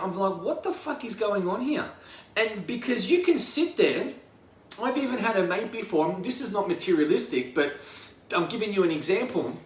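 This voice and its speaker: An Australian man giving a rambling, profane motivational talk as a life coach. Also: sits high. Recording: roomy echo from a distance.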